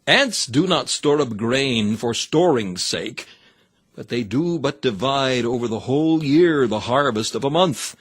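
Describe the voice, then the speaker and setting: A man's voice: mid-range voice, lively intonation, measured pace, breathy edge. A man reading a sermon aloud in an earnest, exhorting manner with old-fashioned scriptural phrasing. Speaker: reader of a sermon.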